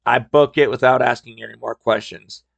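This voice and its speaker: A man's voice: mid-range voice, fairly even intonation, normal speed, gravelly, no echo. A man hosting a podcast, telling work stories in a casual, wry, conversational way. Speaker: podcast host. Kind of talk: casual storytelling.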